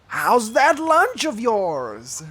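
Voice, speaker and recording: A woman's voice: a little high, huge pitch swings, drawn-out words, a bit bright, slightly rough, pitched above the performer's own voice, full character voice. A woman voicing a bumbling male toucan detective in a storybook, awkward and eager, stumbling over his words.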